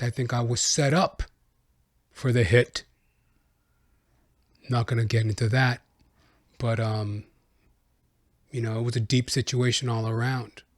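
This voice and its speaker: A man's voice: medium pitch, dry recording, studio quality. Man rambling through a casual podcast monologue. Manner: rambling, conversational, chuckling. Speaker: podcast host.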